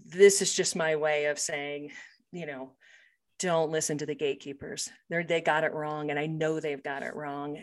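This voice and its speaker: A middle-aged woman, a guest author, speaking in an earnest, reflective way in a casual chat. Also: low-pitched.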